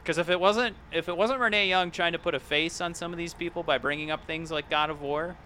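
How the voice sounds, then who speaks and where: A man's voice: on the high side, fairly even intonation, fairly quick, bright, forceful tone, a little hiss or hum. A man co-hosting a podcast in casual chat, rambling and searching for words as he goes. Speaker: podcast co-host.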